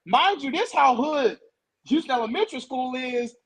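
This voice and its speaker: A young man telling a story in casual talk, animated, stuttering and repeating words. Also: very high voice, moderate pace, breathy edge, poor audio.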